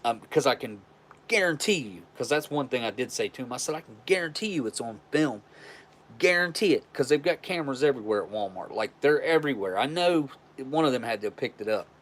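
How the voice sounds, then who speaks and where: A man hosting a casual live stream, recounting a story with blunt, profane frankness. His pitch sits mid-range, and he rambles, restarting sentences as he goes. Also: lively intonation, fast. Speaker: livestream host.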